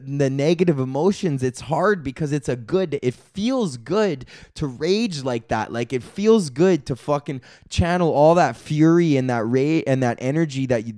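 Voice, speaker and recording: A man's voice: medium pitch, a little mellow, no room sound, studio quality. A man hosting a solo comedy podcast, ranting profanely and rambling with laughs along the way. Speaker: podcast host.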